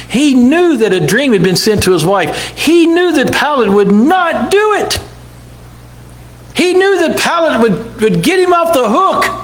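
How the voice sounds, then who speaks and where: A man's voice: very high voice, poor audio. A man preaching a sermon in church, dramatically acting out the people in the scripture stories. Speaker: pastor.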